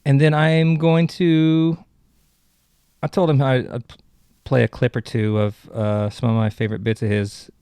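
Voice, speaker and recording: A man's voice: medium pitch, flat delivery, measured pace, warm tone, smooth, dry recording. A man hosting a podcast, chatting casually and rambling with many restarts. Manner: rambling, self-correcting. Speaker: podcast host. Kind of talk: casual solo chat.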